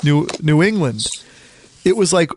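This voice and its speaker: A man from the Philadelphia area chatting casually about college basketball, rambling and animated, often acting out quotes. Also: on the high side, measured pace, a little hiss or hum. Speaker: podcast co-host. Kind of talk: casual sports chat.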